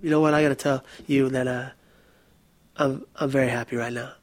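A young adult man recounting a personal experience in an earnest, emotional, halting way. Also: medium pitch, fairly even intonation, no echo. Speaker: interviewee.

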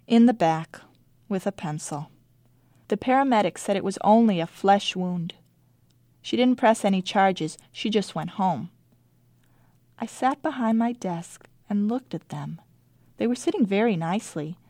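A woman's voice: mid-range voice, expressive, measured pace, pauses often, mellow, dry recording. A woman teacher reading her own diary entries aloud in a dry, wry storytelling manner.

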